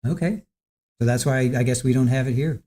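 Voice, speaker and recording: A livestream host in casual chat, reading out viewer comments in a relaxed, chatty way with the odd chuckle. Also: medium pitch, fairly quick.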